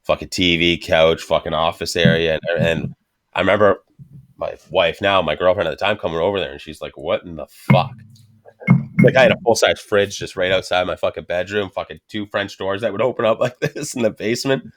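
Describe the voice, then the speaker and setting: A man's voice: sits low, a little fast. A man hosting a casual chat, swearing constantly and telling stories with animation. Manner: profane, animated storytelling.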